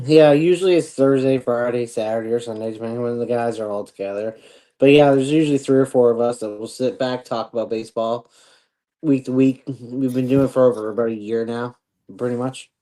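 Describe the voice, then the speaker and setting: Mellow easygoing male co-host. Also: mid-range voice, a little fast. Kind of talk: casual chat.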